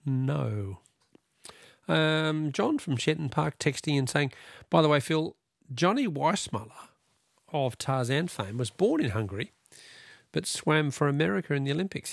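A man's voice: fairly high pitch, creaky, no room sound, clean studio sound. A middle-aged Australian man hosting a talkback radio quiz, chatty and joking with callers. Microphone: studio microphone.

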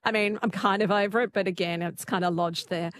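Woman, radio quiz host, chatty, laughs easily, mid-pitched voice. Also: steady tone, fairly quick, a bit bright.

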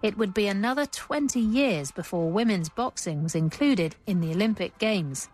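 A woman presenting and narrating a radio documentary and interviewing its guest, with a measured, composed delivery. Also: mid-range voice, animated, darkish tone.

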